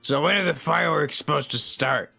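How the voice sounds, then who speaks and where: A man's voice: on the high side, fairly quick, creaky, sharp tone, soft background music, exaggerated voice. A man voicing a cheerful, boyish male electric creature in a casual comic read-aloud, easygoing and earnest. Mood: reassuring.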